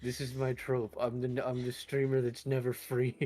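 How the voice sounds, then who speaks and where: A man's voice: mid-range voice, monotone, measured pace, warm tone, soft background music. A young man streaming and chatting casually with friends, self-deprecating and jokey, with rambling restarts.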